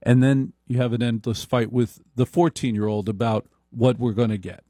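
A man delivering a comic monologue in a slow, deliberate, wry manner. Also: mid-range voice, fairly even intonation, dark tone, no echo, studio quality.

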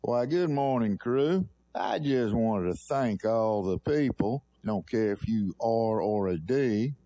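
A man's voice: medium pitch, warm tone, no echo. A man with a Mississippi accent calling in to a radio show with a folksy, sarcastic rant. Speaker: caller. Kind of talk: call-in rant.

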